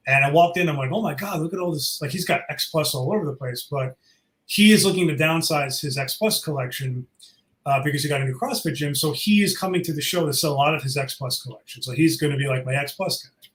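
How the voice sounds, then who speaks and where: A man's voice: on the high side, quick pace, a bit bright, reverberant, rough recording. A man casually chatting as an event organizer, enthusiastic and rambling with fillers, his throat a little sore. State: sore throat, sucking a cough drop. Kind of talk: casual interview chat.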